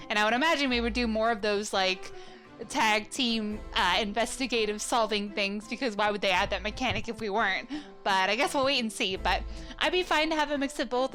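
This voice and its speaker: A woman's voice: a little high, a bit bright. A young woman hosting a let's play, chatty and rambling, her throat a bit gunky. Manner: chatty and rambling, self-correcting. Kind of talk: casual gameplay commentary.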